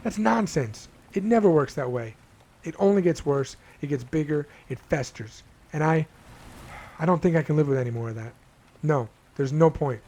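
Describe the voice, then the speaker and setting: A man's voice: fairly high pitch, animated, dark tone. A man reading as a frightened sixteen-year-old boy. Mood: despairing. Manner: halting, stammered reading with restarts. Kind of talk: reading game dialogue aloud.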